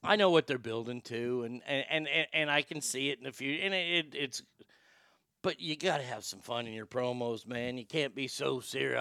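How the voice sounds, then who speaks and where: A man's voice: medium pitch, normal speed, vocal fry, sharp tone, no room sound, studio quality. A man hosting a show with sarcastic, profane ranting commentary and frequent stammered restarts. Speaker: podcast host.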